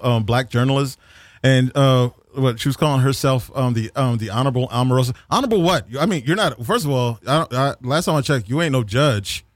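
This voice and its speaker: A man's voice: on the high side, dry recording, clean studio sound. A man ranting in a mocking comic way, rambling with many fillers and restarts, and slipping into voices for the people he quotes. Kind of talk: comedic political rant.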